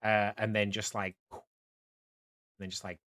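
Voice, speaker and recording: A young man narrating as dungeon master of a tabletop game, halting and full of fillers. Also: fairly low pitch, little pitch movement, fairly bright tone. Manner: hesitant, many fillers and restarts.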